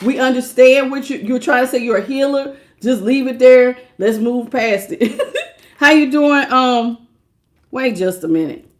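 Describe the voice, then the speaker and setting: A woman doing a casual live-stream tarot reading, chatty, greeting viewers by name and laughing often. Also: a little high. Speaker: tarot reader.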